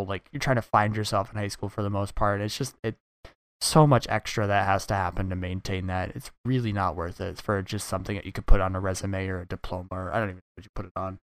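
A man's voice: on the low side, fairly bright tone, smooth, no echo, studio quality. A young man hosting a podcast, telling stories casually and animatedly with many fillers. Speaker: podcast host. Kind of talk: casual chat.

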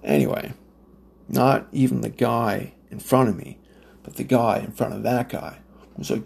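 A man's voice: fairly low pitch, animated, measured pace, creaky, darkish tone, husky. A man from Nova Scotia, Canada, ranting in a casual, profane, rambling monologue with lots of fillers and restarts. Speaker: smoker telling stories.

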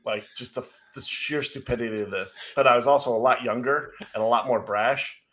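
Sarcastic storytelling man, mid pitch. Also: brisk. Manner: animated, sarcastic storyteller with mocking asides. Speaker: podcast co-host. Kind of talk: casual storytelling chat.

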